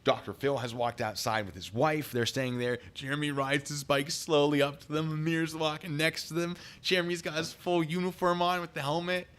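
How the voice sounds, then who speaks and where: A man telling a story on a live stream, excitable and rambling. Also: fairly high pitch, moderate pace, few pauses.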